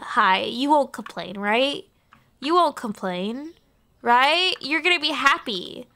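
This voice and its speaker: A young woman streamer with a high, bright and sharp voice. She talks in an unhurried way, swearing and joking as she plays. Her commentary is loose and playful, and she talks straight to the customers in the game. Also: expressive.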